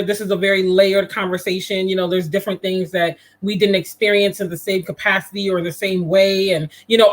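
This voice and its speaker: A man's voice: sits high, a bit bright. A man from the United States hosting a casual livestream, rambling and laughing as he talks straight to viewers. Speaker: livestream host.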